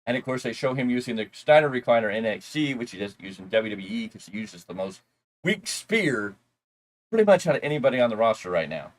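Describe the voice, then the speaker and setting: A man's voice: medium pitch, very animated, a little fast. A man co-hosting a wrestling review show, recapping the episode in a rambling, casual way with loose asides.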